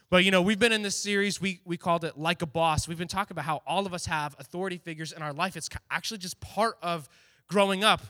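Youth pastor, male, high bright voice, lively storytelling sermon, dry close sound. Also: no echo. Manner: animated, acts out quotes.

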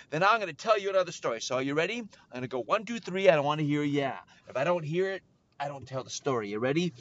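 A man hosting a children's podcast, telling a story and coaxing young listeners to shout along. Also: a little high, animated, fast talker, muffled recording.

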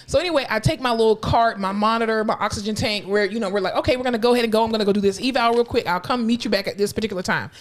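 A woman with a fairly high voice tells work stories on a casual podcast, jumping into voices as she quotes people. She swears freely and keeps an animated, storytelling rhythm. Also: rapid-fire, hardly any pauses. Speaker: podcast co-host; hospital clinician telling work stories. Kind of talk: casual chat.

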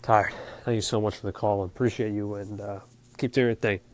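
A man's voice: lowish voice, steady tone, fairly quick. A man hosting a casual podcast, thanking callers with friendly, repeated sign-offs. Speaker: podcast host reading call-ins. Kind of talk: casual call-in shout-outs.

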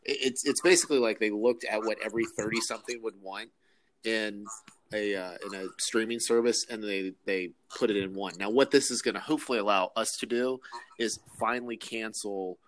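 A man co-hosting a podcast in relaxed casual chat, often restarting his sentences. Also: fairly low pitch, a little fast. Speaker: podcast co-host.

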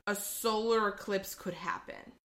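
Bright woman rambling in casual chat. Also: mid-range voice, measured pace. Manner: rambling, hedging with "like". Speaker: podcast co-host.

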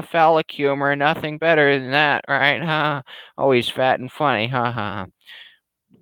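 A man rambling through a casual livestream Q&A in a dry, sarcastic tone. His voice sits low and sounds smooth and clear. It is recorded close and dry, with no room around it. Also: fairly bright tone, dry recording, rough recording. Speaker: webcomic creator hosting a Q&A stream.

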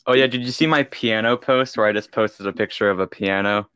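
A man's voice: fairly low pitch, a little fast, sharp tone, clear, resonant tone, no echo. A young man co-hosting a podcast, chatting casually in a goofy, joking way and laughing often. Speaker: podcast co-host. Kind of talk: casual chat.

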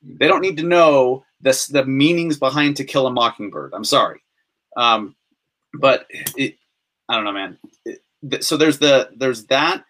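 A man's voice: medium pitch, measured pace, fairly bright tone. A man on a podcast giving blunt opinions in casual chat, often restarting his sentences.

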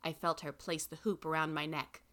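A woman reading a first-person story aloud in an expressive way. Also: deep voice, moderate pace. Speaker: reader.

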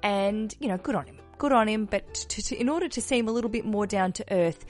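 A woman with an Australian accent hosting a casual interview, chatty and lively in her asides. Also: medium pitch, brisk, faint music behind. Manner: chatty, laughing asides, animated quotes. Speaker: podcast host.

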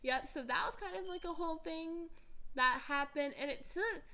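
A woman's voice: very high-pitched, moderate pace, pushed and bright. A young woman hosting a podcast in a chatty, giggly, casual way, full of filler words. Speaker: podcast host. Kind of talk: casual chat.

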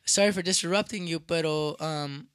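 A young man casually telling a rowdy story, profane and animated, acting out what people said. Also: fairly high pitch, normal speed, clean tone. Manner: animated, profane, acts out quotes loudly.

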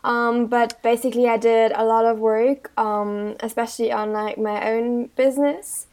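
Young woman, German accent, casual podcast co-host, slightly high voice, hesitant. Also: flat delivery, moderate pace, darkish tone. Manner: hesitant, many fillers and restarts, laughs often. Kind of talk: casual chat.

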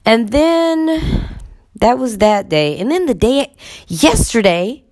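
A woman's voice: on the high side, very animated, slow pace, darkish tone. A woman teacher telling a story in a candid, conversational way with many fillers. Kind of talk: storytelling monologue.

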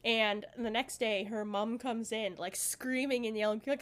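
Young woman on a podcast, high voice, swears a lot, acts out what people said, blunt and fired up. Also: measured pace. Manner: blunt, profane and animated, acting out quoted voices. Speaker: podcast co-host. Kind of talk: casual chat.

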